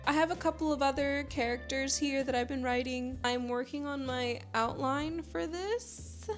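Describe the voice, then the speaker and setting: A young woman novelist from Panama talks through her book ideas in a chatty, rambling way, full of fillers and enthusiasm. Her voice sits high, and she records from her home computer room with faint music underneath. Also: moderate pace. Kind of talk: chatty writing vlog.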